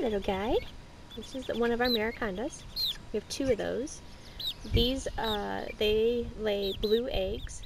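A woman's voice: unhurried, gravelly, background noise. A woman vlogging casually outdoors beside a backyard chicken coop, chatting as she shows the birds on a handheld camera. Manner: chatty, talks to her birds in a high coaxing voice. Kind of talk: casual show-and-tell vlog. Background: chickens and ducks.

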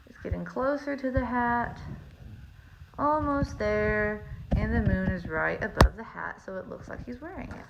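A teacher reading a picture book aloud to young children, talking in a friendly way with frequent ums. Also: female voice, medium pitch, unhurried, vocal fry. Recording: slightly muffled recording with faint hiss.

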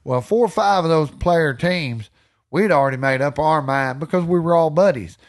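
Energetic man spinning hunting yarns. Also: on the high side, normal speed. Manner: energetic storyteller who swears freely. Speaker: podcast guest. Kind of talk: casual storytelling chat.

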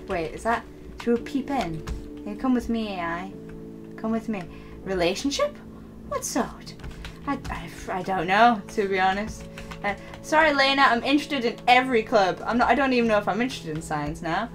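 Expect a young woman with a fairly high voice, full of giggles and whiny squeals. She talks excitably through an improvised game role-play, and faint music sits under her. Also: normal speed. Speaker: lead voice actor in a game role-play series.

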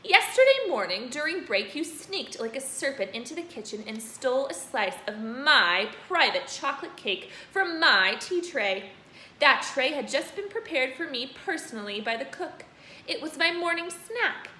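A woman puts on a bullying storybook headmistress who roars insults in a bright, forceful voice. Her shouting rings around a roomy, echoey space with faint noise behind. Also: high voice, very animated, normal speed, voice pushed up, full character voice. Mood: furious. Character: tyrannical hulking headmistress, bellowing and cruel.

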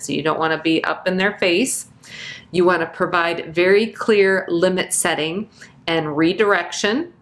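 A woman who teaches nursing, explaining topics in a clear, steady way with casual fillers like "um" and "you know.". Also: low voice. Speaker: nursing educator. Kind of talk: instructional lecture.

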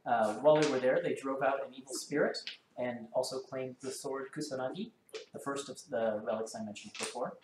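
A man hosting a tabletop game stream as dungeon master, talking quickly with lots of ums and uhs. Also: medium pitch. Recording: roomy sound with clear background noise.

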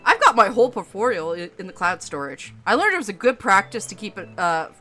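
A woman's voice: medium pitch, very animated, fairly quick, pushed and bright, faint music behind. A woman streamer giving chatty, self-mocking commentary while playing through a story game. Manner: chatty, self-mocking, laughing at her own slips. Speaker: gaming streamer. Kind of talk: let's play commentary.

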